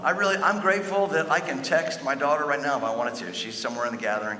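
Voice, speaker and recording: A man's voice: mid-range voice, quick pace, few pauses, bright, forceful tone. A male pastor preaching a sermon in a conversational, storytelling way, often stumbling over and restarting his words. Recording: echoey hall with long reverb.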